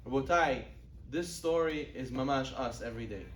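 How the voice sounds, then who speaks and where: A rabbi gives a Torah class in an echoey room, speaking at normal speed from far off the mic, with slight background noise. His sermon-style lecture includes storytelling, and he acts out quoted dialogue, raising his pitch for the characters. Hebrew and Yiddish religious terms run throughout his speech.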